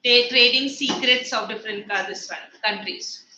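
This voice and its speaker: A woman's voice: a little high, moderate pace, lo-fi sound. A woman teaching an English literature class, explaining words with everyday examples in a chatty way. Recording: echoey room with faint noise.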